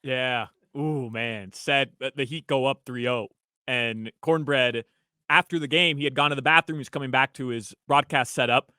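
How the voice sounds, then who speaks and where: Bright animated radio man. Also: mid-range voice, moderate pace, clean tone, no room sound, clean studio sound. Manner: animated storyteller, acts out quotes. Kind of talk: casual sports radio banter. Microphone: studio microphone.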